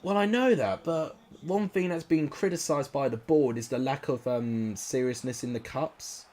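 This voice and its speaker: Another young gaming YouTuber calls his football match live in a medium-pitched, darkish voice, shouting in frustration and swearing at his own players.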